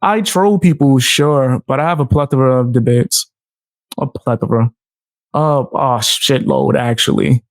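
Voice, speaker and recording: A man's voice: medium pitch, unhurried, no room sound, clean studio sound. A man streaming live, reacting to a video with profane, mocking commentary. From United States.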